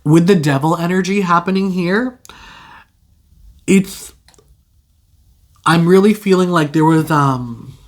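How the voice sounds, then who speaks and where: Chatty young tarot reader. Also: medium pitch. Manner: chatty, filler-heavy, drawn-out keywords. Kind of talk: casual intuitive reading to camera.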